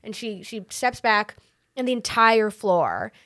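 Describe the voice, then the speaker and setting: A woman from New York City telling stories as a guest on a casual podcast chat, in an animated way. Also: on the high side, slow pace, no room sound, studio quality. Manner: animated storyteller. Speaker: guest, playwright and comedian.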